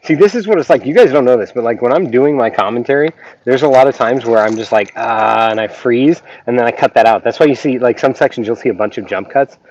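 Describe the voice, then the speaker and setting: Talking fast in a medium-pitched, slightly mellow voice, a man hosts a casual reaction-channel live stream on YouTube. He says hello to viewers in a rambling way packed with ums, and the sound is dull and lo-fi with a little noise.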